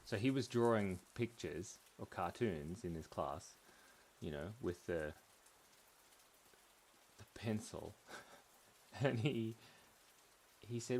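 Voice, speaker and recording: A man's voice: on the low side, lively intonation, slow, long pauses, a little mellow, slight background noise. A man hosting a live drawing stream from a room at home, chatting in a playful, giggly way and telling silly stories. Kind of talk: casual rambling chat while drawing. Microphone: headphones on, desk mic.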